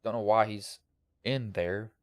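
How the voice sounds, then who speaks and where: Male sim racing host, slight country lilt, relaxed rambling recap, crisp and dry on a headset. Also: lowish voice, measured pace, dry recording. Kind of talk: post-race commentary.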